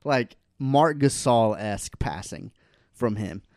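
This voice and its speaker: A man co-hosting a casual sports podcast, relaxed and agreeable, thinking out loud. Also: fairly low pitch, slow pace, no room sound, studio quality. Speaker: podcast co-host.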